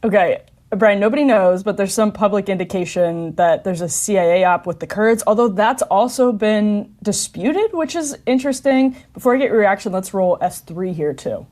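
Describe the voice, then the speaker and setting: A woman's voice: medium pitch, animated, normal speed, darkish tone. A woman hosting a casual chat show, chatty and laughing often as she talks. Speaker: host.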